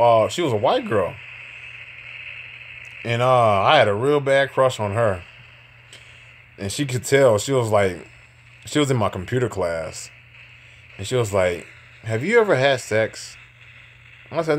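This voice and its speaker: Animated man in his thirties telling stories. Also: medium pitch. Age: 30s. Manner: animated, laughing, profane, repeats words when excited. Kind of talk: casual storytelling.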